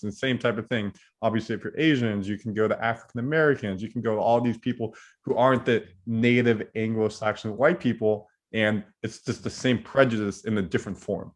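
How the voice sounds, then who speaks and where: A young man from Southern California hosting a podcast, casual and rambling, often correcting himself. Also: on the low side. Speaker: podcast host. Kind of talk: conversational interview.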